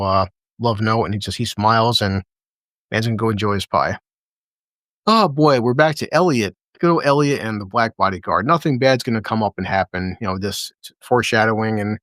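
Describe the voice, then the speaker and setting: A man's voice: lowish voice, no echo, studio quality. A man casually recapping a TV episode with a co-host, swearing freely, chuckling often and acting out lines from the scenes. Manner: profane, chuckling, retells scenes in lively quoted voices. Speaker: podcast co-host.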